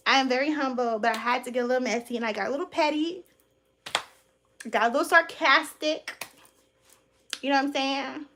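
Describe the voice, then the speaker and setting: High-voiced woman ranting bluntly. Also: brisk. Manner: blunt, sarcastic, profane, animated. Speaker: content creator. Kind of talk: casual storytime rant to camera.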